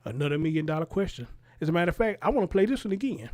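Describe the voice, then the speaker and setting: A man reacting to a news clip as host, talking in an animated, profane way and firing rhetorical questions. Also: on the high side, very fast. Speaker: commentary show host.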